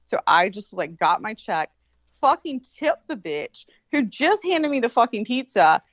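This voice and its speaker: A woman's voice: on the high side, unhurried, dry recording. Woman swearing her way through a story, dry kinda muffled audio. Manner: profane, animated, acts out quoted voices. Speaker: podcast co-host. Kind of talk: casual storytelling.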